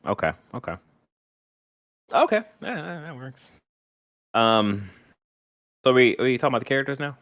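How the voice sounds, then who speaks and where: A man's voice: mid-range voice, lively intonation, moderate pace, long pauses, fairly bright tone, no echo. A man co-hosting a casual review podcast, talking hesitantly with lots of fillers and laughing easily. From United States. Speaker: podcast co-host.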